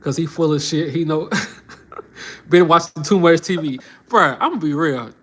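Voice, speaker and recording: A man's voice: on the high side, normal speed, a bit bright. A man giving casual reaction commentary, mocking and slangy, often laughing. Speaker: reaction channel host.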